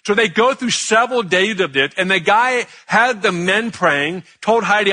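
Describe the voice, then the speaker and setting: Male pastor, chatty sermon story, animated, bright tone, high pitch. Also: normal speed. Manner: animated, chatty, joking with the congregation.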